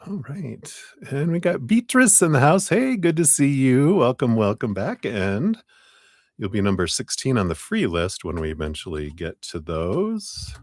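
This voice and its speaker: A man hosting a live tarot stream, greeting viewers by name, laughing often and muttering quiet asides. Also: mid-range voice, very animated, unhurried, dry recording. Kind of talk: casual live-stream chat.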